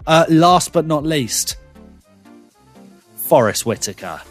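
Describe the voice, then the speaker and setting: A man's voice: a little high, expressive, slow pace, soft background music. A man, hosting a podcast game with playful, teasing banter. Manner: playful, teasing, sing-song emphasis. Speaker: podcast host. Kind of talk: casual game-show banter.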